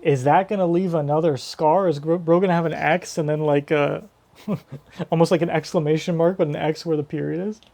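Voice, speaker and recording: A man's voice: a little high, steady tone, brisk, creaky, darkish tone. A man giving casual live reaction commentary on a manga chapter, rambling and swearing casually as he thinks aloud.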